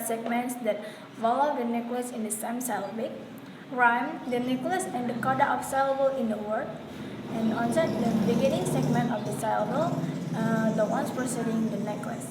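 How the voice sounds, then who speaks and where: A woman whose first language is Indonesian gives a classroom presentation in a slightly high voice, reading from notes with fillers and restarts. The room is echoey and has faint noise.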